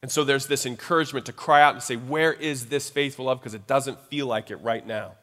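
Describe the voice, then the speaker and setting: A man preaches to his congregation in a loose, conversational way, often stopping to check in with the crowd. His voice sits at an ordinary middle pitch. The sound carries a long reverb from a large hall. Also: steady tone, brisk, bright, forceful tone. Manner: conversational preaching with frequent asides. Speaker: pastor. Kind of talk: sermon.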